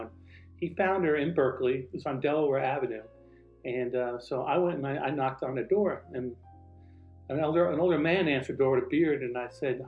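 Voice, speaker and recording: Animated male storyteller, roomy echo. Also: mid-range voice, fairly quick, dull audio, soft background music. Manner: animated, acts out quoted dialogue. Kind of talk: recounting a true personal story.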